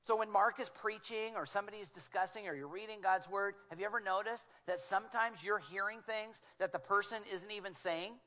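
A man preaching a sermon as a guest speaker, telling stories with animated delivery and slipping into hushed tones for quoted voices. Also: high-pitched, a little fast, few pauses. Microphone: small clip-on mic.

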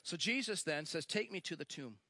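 Male preacher, high bright voice, dry close sound, animated storytelling, emphatic repeats. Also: no echo. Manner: animated storytelling, acts out quoted lines; emphatic, repeats phrases, slows for stress. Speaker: pastor. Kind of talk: sermon.

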